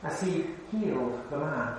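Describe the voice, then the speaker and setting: A man's voice: a little high, expressive, unhurried, a little hiss or hum. A man preaching a sermon in a conversational way, often putting questions to the congregation. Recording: very echoey hall, mic far off.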